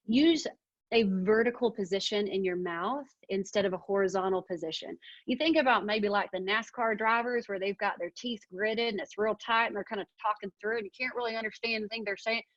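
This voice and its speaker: A woman from Arkansas, leading a webinar on presentation skills in an energetic, emphatic way. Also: mid-range voice, moderate pace, dry recording, lo-fi sound. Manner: energetic, emphatic, demonstrates vocal techniques. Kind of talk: webinar training talk.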